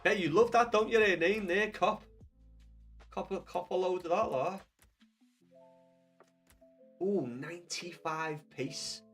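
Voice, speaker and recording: A young man chatting casually to viewers while streaming a football video game, rambling and swearing with excited bursts. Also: high-pitched, slow pace, long pauses, soft background music. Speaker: gaming livestreamer. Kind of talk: casual livestream chat with viewers.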